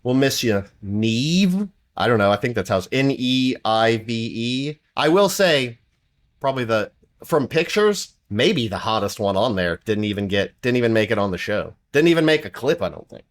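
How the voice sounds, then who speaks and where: He's a podcast co-host in a relaxed, meandering conversation packed with fillers, mimicking accents through big pitch jumps. His delivery is expressive and moderately paced.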